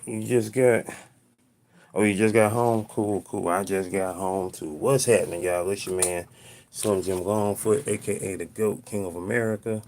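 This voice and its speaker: A man hosting a casual live stream from home, chatting with viewers and ranting in an animated, exasperated way full of slang. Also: lowish voice, moderate pace, slight background noise.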